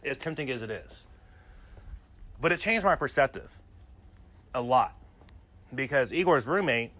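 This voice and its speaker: A man with a bright, forceful voice talks through personal stories in a loose solo podcast. He rambles and keeps dropping "you know" between his thoughts. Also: mid-range voice. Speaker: podcast host. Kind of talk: casual personal storytelling monologue.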